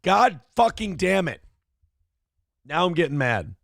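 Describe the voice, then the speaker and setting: A man's voice: high-pitched, very animated, a little slow, gravelly, fairly bright tone, dry recording, studio quality. A man hosting a late-night stream, a little drunk and tired, swearing freely and ranting when annoyed. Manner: swears a lot, grows irritated and rants. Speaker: streamer host. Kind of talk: profane casual stream chat.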